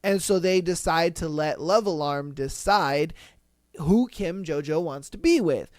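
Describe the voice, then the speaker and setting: A man hosting a podcast and casually recapping a drama, animated and cursing freely, acting out the dialogue as he goes. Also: a little high, a little slow, dry recording, clean studio sound. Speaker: podcast host.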